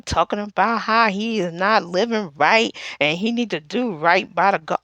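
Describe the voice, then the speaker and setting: A woman with a fairly high voice recaps a TV episode for her channel. Her pitch swings widely as she jumps between commentary and acting out what the characters said. The sound is close and dry. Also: vocal fry, no room sound. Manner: chatty, animated, acts out characters' lines. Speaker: TV episode reviewer.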